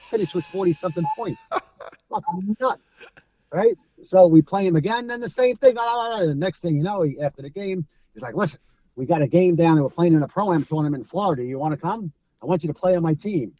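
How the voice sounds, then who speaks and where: A man's voice: on the high side, highs cut off. A middle-aged man from Brooklyn with a New York accent, telling stories as an interview guest and acting out the people in them. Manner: animated storyteller, acts out quoted voices, laughs often. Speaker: guest, former streetball player. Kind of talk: casual storytelling interview.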